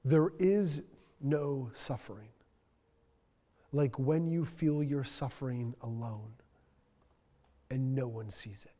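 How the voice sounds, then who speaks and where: A male pastor preaching a sermon in a church, earnest and reflective, dropping to a soft voice for emphasis. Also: mid-range voice, slow pace, pauses often, long reverb tail. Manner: earnest, reflective, soft-spoken at key points. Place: church sanctuary.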